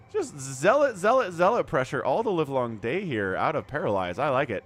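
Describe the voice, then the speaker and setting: Excitable man casting a strategy game. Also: mid-range voice, a little fast, few pauses, soft background music. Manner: excitable, chatty, reads out viewer chat. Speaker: game caster. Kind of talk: livestream game commentary.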